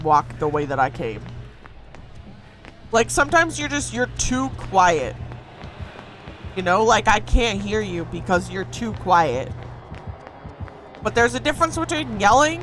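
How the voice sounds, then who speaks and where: An energetic streamer talks through a live game session with a bright, sharp tone, swooping lively up and down in pitch. The talk runs slow and drawn out between bursts of loud yelling, and soft music sits faintly underneath. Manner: energetic, loud, yells often; sudden shouts when chased. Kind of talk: casual live gameplay commentary.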